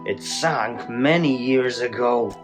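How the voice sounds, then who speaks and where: A gamer voicing a mysterious, formal male collector in a video game, speaking slowly in a low, strained, would-be gravelly voice. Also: soft background music, close to an everyday voice. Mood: stately. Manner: slow, low, stately delivery.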